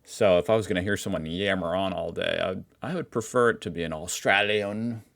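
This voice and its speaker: A man's voice: low voice, brisk, creaky, a bit bright. An American man hosting a reaction video, making wry, joking asides. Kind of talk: casual reaction commentary.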